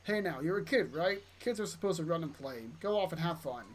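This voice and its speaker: A sardonic young swordsman speaks bluntly and teasingly, read by a player. The voice sits at a middle pitch. There is a faint hiss behind it. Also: expressive, a little fast, lightly acted. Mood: gruff. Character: gruff young male mercenary, sardonic.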